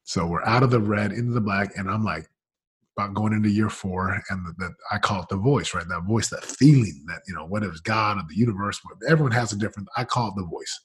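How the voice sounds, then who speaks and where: A man, a business coach, telling his story in a casual, energetic way, full of "man" and "like", swinging between loud excitement and quiet murmurs. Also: on the low side, fast talker, a little hiss or hum. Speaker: business coach, interview guest.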